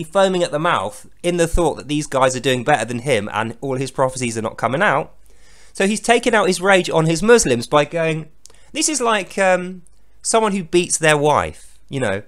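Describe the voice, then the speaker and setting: A man's voice: fairly high pitch, very animated, normal speed, fairly bright tone. A man giving sarcastic, profane commentary on a scripture reading. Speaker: host.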